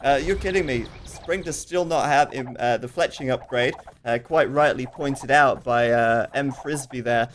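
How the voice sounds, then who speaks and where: This is a man casting a strategy game match live, in a relaxed and chatty manner. His pitch sits at an ordinary middle level, and he breaks off now and then to read out viewer questions. Quick asides and fillers run through his talk. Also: a little hiss or hum. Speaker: esports commentator.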